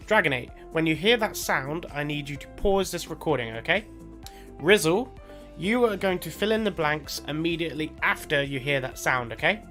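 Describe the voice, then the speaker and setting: A man's voice: a little high, bright, forceful tone. A man in a pre-recorded message, giving cheeky, profane instructions as the show's videographer. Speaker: resident videographer. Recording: played-back recording with music behind.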